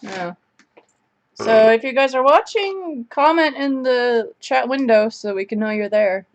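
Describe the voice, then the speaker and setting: A young adult woman co-hosting a live chat stream, telling a story in a casual, animated way and laughing as she goes. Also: on the high side, a little slow, lo-fi sound, slight background noise.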